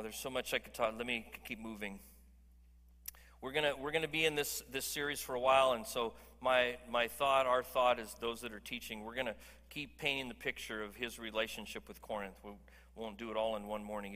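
Male pastor, sermon delivery, bright and forceful, joking with the room, long hall reverb. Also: mid-range voice, brisk. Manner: emphatic, conversational, jokes with the congregation. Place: church hall.

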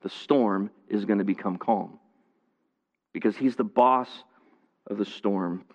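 In a large church hall, a man with a lowish voice delivers an unhurried sermon streamed to people at home. The audio is lo-fi, and his earnest, chatty preaching keeps circling back through restarts and repeated lines.

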